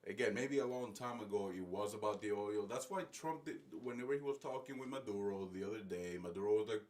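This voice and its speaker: A man's voice: fairly low pitch, fast, hardly any pauses, a little mellow. A man ranting casually on a livestream as political commentator, profane and rambling, constantly saying guys and bro.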